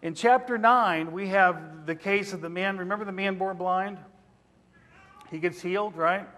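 High-voiced preacher in an echoing hall. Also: male voice, measured pace, pushed and bright. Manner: interactive, questioning the congregation. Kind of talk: sermon. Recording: reverberant hall.

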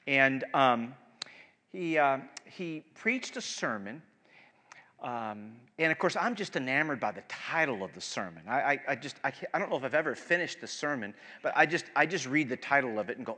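A male pastor preaching a sermon, animated and emphatic, with frequent restarts and swings between loud and soft. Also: a little high, fairly quick. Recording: long hall reverb.

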